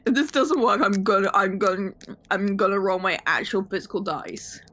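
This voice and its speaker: A woman playing in an online tabletop game, talking loudly and swearing freely in casual chat. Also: medium pitch, moderate pace. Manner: loud, swearing, exasperated and animated. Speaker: player.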